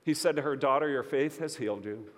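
A man preaching a sermon as pastor, expressive and conversational, asking his listeners questions. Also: medium pitch, quick pace, long reverb tail.

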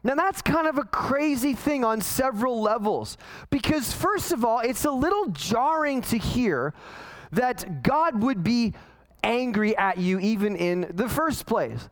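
A man's voice: extremely high pitch, expressive, a little slow, fairly bright tone, rough recording. A man in his forties preaching a conversational sermon, telling a self-deprecating family story with frequent restarts. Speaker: pastor.

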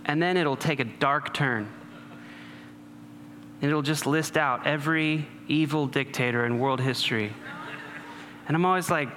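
A man preaching a sermon in a relaxed, conversational way, with humorous asides to the congregation. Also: on the high side, unhurried, long pauses. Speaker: pastor. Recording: long hall reverb, faint noise.

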